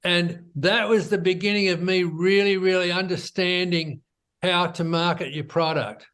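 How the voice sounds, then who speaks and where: A man, a business founder, telling his story in a relaxed, conversational interview, often tossing in "you know" and "right?". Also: high-pitched, moderate pace, clear, resonant tone.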